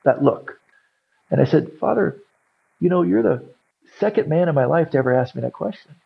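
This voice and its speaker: A middle-aged recovery coach from California tells his story as a podcast guest, acting out other people's lines. His voice is on the high side, gravelly and breathy-edged, expressive and fairly quick. The recording is muffled.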